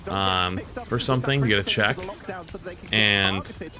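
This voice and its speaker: A man's voice: fairly low pitch, slow. A male streamer tells a casual story to his viewers. He rambles, restarts his sentences and swears freely along the way.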